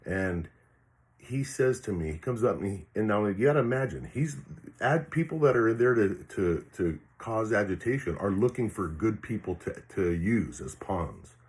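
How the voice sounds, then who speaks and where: An older man with a very low voice tells a personal story straight to the camera. He rambles and swears freely, stops to restart his sentences and fills the gaps with "uh" and "you know". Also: very animated, moderate pace, a little mellow. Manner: rambling, frank and profane, with many restarts and fillers. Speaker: retired police officer telling a personal story. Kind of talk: casual storytelling monologue.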